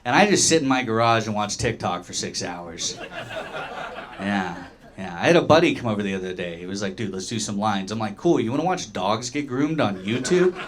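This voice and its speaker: A man doing a stand-up comedy set in a small bar, deadpan storytelling with sudden jumps into high voices for the characters he quotes. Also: a little fast. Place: small dive bar with a live audience. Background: crowd laughter.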